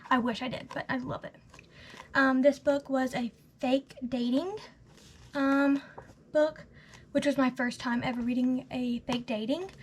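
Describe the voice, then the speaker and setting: An eighteen-year-old woman giving a casual, gushing book review, chatty and full of "literally" and "like", often trailing off into soft half-whispers. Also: sits high, fairly even intonation, unhurried, slight background noise. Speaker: book vlogger.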